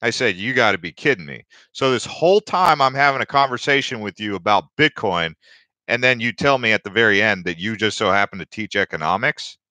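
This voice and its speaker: A young man hosts a casual crypto livestream, rambling through stories and viewer comments in a chatty way, full of fillers and restarts. His voice sits on the low side, with lively intonation, a brisk pace and a sharp tone. There's no echo.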